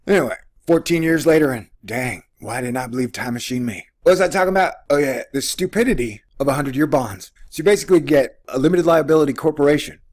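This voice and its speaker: A man hosting a casual commentary video, joking sarcastically with sudden animated outbursts. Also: a little high, fast talker, few pauses.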